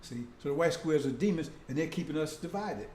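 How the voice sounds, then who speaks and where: Expressive and brisk, a man preaches a rambling sermon that circles back on itself, asking "see?" and "right?" and addressing "brothers and sisters." His voice is high for a man but mellow and dark, the sound is roomy with echo, and there's a little hiss or hum.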